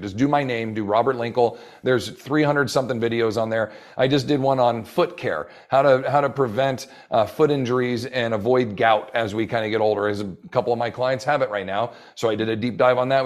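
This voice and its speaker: A man in his forties, a fitness coach for older adults, talking enthusiastically as a podcast guest and acting out bits of dialogue. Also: medium pitch. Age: 40s. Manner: enthusiastic, rambling, acts out quoted dialogue.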